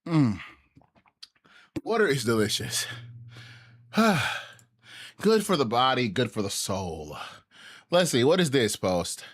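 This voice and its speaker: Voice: mid-range voice, sing-song, slow pace, long pauses, slightly rough. A live streamer chatting casually to viewers while out of breath from exercising, sighing and puffing between sentences.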